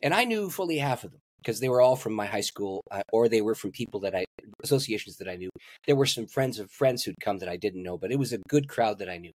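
Pastor guy telling his story, lively ups and downs, dry close sound. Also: fairly low pitch, quick pace, no echo. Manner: animated storyteller, laughs at his own stories. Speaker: pastor and guest. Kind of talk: storytelling in a podcast interview.

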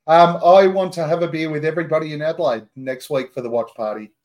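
A man's voice: fairly high pitch, fast. Man hosting a casual podcast. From Australia. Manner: relaxed, laughs often, swears casually. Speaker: podcast host. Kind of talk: casual chat.

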